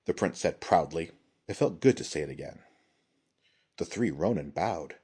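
Low, husky male narrator. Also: expressive, moderate pace, mellow. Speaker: audiobook reader. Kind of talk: scripted narration.

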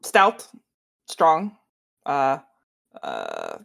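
A woman voicing a stern, formal woman spear warrior in a tabletop game, speaking in a measured way without contractions. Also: rumbling low, huge pitch swings, creaky, a bit bright, voice pushed down, full character voice. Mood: recalling.

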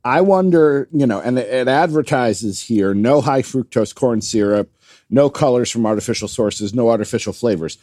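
A man's voice: mid-range voice, moderate pace, mellow, no echo, clean studio sound. A man co-hosting a casual podcast with a wry, teasing, self-deprecating manner. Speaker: podcast co-host.

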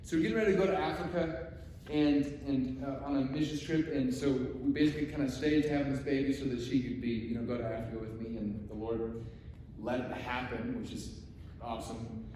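A man in his forties preaching a sermon, telling family stories in a conversational way, dropping to soft, emotional tones. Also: medium pitch, steady tone, brisk, slight background noise. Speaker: pastor. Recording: echoey hall from far off.

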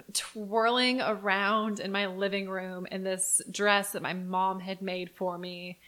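A woman's voice: medium pitch, a bit bright. A young woman co-hosting a podcast, telling a childhood story in casual chat, candid and blunt, with casual swearing. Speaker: podcast co-host.

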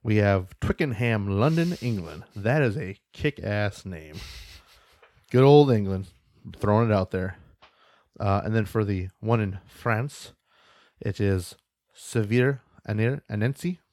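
A man's voice: lowish voice, animated, unhurried, a little mellow, no echo, clean studio sound. A man co-hosting a casual podcast, reading out news and events with loose, joking asides and casual swearing. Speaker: podcast co-host.

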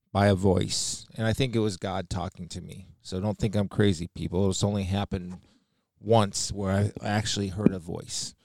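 A man's voice: on the low side, darkish tone, no echo, clean studio sound. Earnest man giving a devotional talk. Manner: earnest, preacherly, quotes scripture. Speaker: speaker sharing faith.

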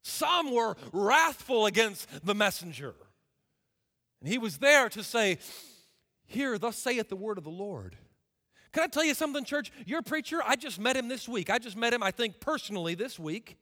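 A man preaching a sermon as a guest preacher, impassioned and swinging from loud declarations to hushed, intimate asides. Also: very high-pitched, animated, moderate pace. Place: church sanctuary. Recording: reverberant church hall.

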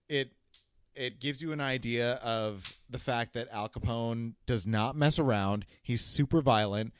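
Easygoing guy cracking jokes while recapping a show, medium voice, no room echo. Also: medium pitch. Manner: relaxed, jokey, laughs loudly. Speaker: podcast co-host. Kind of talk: casual TV recap chat.

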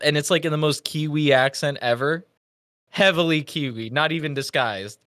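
A young man co-hosting a casual review chat, lively and acting out quotes in a raised voice. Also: on the high side, moderate pace, dry recording, clean studio sound. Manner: animated, acts out quotes in raised voice. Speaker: podcast co-host.

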